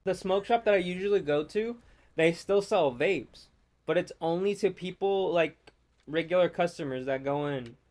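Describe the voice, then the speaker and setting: A man's voice: sits high, normal speed, a little mellow. Rambling, foul-mouthed man gaming. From United States. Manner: rambling, profane, ranting. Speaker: gamer. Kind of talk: casual gameplay chat.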